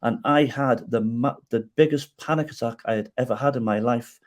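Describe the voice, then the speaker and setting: A middle-aged man telling his personal story as a podcast guest, animated and emotional, with many restarts and self-deprecating jokes. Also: medium pitch, normal speed, slight background noise.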